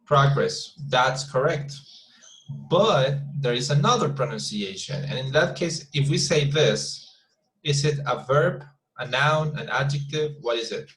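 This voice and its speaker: Male teacher on a video call, mid pitch, halting and repetitive. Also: expressive, fairly bright tone, rough recording. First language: Spanish. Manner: hesitant, many repeated words and fillers. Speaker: English teacher. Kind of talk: online class instruction.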